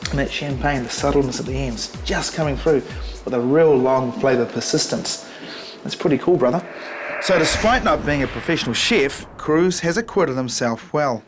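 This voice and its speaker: A man's voice: mid-range voice, moderate pace. A man, a chef host tasting and scoring dishes with an upbeat, jokey manner. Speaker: chef judge and show host. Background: music.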